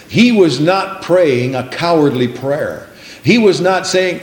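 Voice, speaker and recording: A man's voice: fairly high pitch, lively intonation, takes it slowly. A man preaching a sermon, repeating lines for emphasis and calling for responses from the congregation. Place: church sanctuary. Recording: echoey room.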